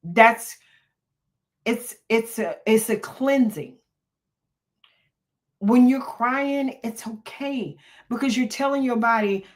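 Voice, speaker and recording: A woman's voice: on the high side, takes it slowly, pauses often. An older woman hosting a talk about mental health, speaking earnestly and preaching a little, with frequent "um"s and restarts. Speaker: podcast host and therapist. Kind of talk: unscripted motivational talk.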